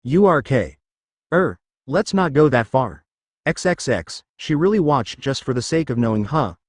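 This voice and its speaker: A man's voice: mid-range voice, sing-song, unhurried, dry recording, studio quality. A man reading the part of a jovial, easygoing young ogre prince. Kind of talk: fan fiction reading.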